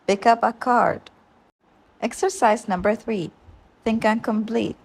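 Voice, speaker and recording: A woman, an English teacher reading textbook exercises and answers aloud in slow, clearly enunciated instructions. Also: medium pitch.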